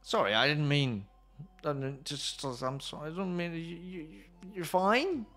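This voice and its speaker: A man streaming a video game, chatting casually and breaking into panicked yelps and shouts. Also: a little high, unhurried, faint music behind. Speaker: gaming streamer. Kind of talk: let's play commentary.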